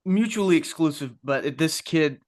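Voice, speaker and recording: A man's voice: a little high, animated, moderate pace, a little mellow. A man co-hosting a casual podcast as a youth baseball coach, talking up his players with enthusiasm.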